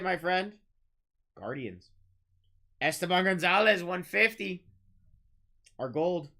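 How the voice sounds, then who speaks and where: A man hosting a live-streamed trading card break, rattling off pulled cards, shouting out big hits and bantering with chat. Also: high voice, lively intonation. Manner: rapid-fire calling of card names, shouting big hits; chatty, teasing banter with chat.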